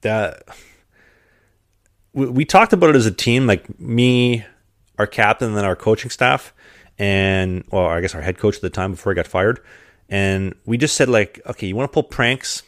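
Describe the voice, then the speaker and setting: A young man telling stories in a relaxed, rambling way during a casual chat, laughing along with his own tales. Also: fairly low pitch, moderate pace, pauses often, no echo, clean studio sound. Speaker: podcast host, hockey player.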